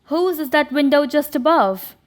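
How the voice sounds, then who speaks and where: A woman's voice: high-pitched, animated, moderate pace. A woman reading a cool, sardonic man. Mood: grim. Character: cool, mocking adult man, an adventurer.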